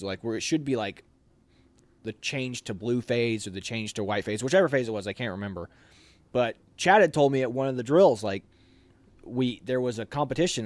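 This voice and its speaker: An American man tells his army stories in a loose, animated way and breaks into loud, barked drill commands. His voice sits at an average pitch. The recording is dry and close, with no room sound. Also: no room sound. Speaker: officer candidate telling stories. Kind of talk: casual storytelling.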